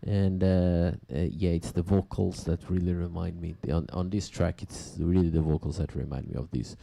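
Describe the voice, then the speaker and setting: A man hosting a music radio and podcast show, chatting casually between tracks in a halting way, with plenty of fillers and restarts. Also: low-pitched, steady tone, vocal fry, mellow. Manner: halting, loose talk with many fillers and restarts.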